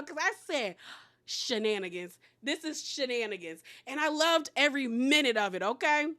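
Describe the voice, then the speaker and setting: A high-pitched woman with a bright, forward voice gossips through a reality show recap. She is animated and sassy and keeps calling the cast "girl". Her chatty delivery often tips into laughter and loud exclamations. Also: normal speed.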